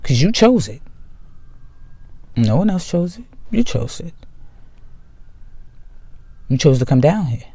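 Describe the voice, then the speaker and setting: A man giving a slow, emphatic spiritual monologue to his viewers, repeating key phrases for weight. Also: a little high, expressive, mellow, slightly rough, no room sound. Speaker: spiritual video host.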